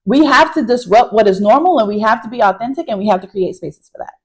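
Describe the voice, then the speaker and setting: Animated woman instructor talking in a car. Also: on the high side, fast talker, breathy edge, rough recording. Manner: addresses viewers as y'all, emphatic and animated. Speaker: college instructor. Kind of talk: casual talk to camera, recapping a class. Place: in a parked car.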